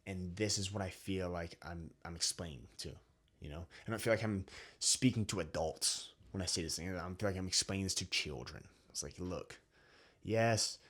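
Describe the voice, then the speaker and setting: A man with a fairly low, husky voice delivers a lecturing opinion monologue. He is a young adult host who keeps tagging his points with "okay?" and "right?". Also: brisk, fairly bright tone. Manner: lecturing, repeats "okay?" often. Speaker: channel host.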